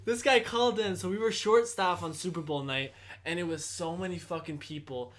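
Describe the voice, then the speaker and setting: Young male podcast host with a slightly high voice, loose and profane, says "bro" constantly. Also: normal speed, a bit bright. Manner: swears freely, says "bro" a lot. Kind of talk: casual chat.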